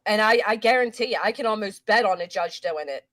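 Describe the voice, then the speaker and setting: A woman's voice: mid-range voice, a little fast, fairly bright tone, no echo. A woman hosting a casual live stream, talking in a brash, profane, mocking way. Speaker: host.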